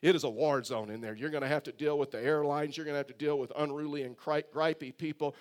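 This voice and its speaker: Cheerful old bus driver, a pastor putting him on, jokey announcer voice, fairly high. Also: male voice, fairly even intonation, quick pace, close to an everyday voice. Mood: joking.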